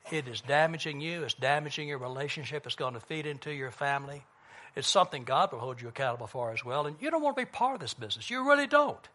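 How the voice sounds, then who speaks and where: A middle-aged man preaching a sermon, urging loudly and then dropping to a low hush as he tells a story. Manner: emphatic, swings from loud urging to low hushed storytelling.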